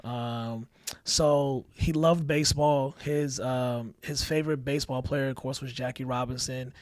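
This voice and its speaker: A man telling family stories on a podcast, animated and acting out the lines of the people he quotes. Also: medium pitch, measured pace, no echo, studio quality. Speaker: podcast guest. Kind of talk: casual storytelling chat.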